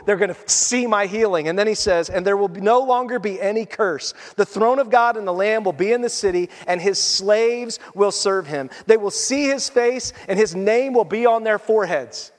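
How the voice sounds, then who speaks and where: A male pastor delivers a sermon, reading scripture and telling animated stories before dropping into quiet, earnest appeals. His voice sits high for a man. The sound carries a long reverb, as if from a large church hall. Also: normal speed, hardly any pauses.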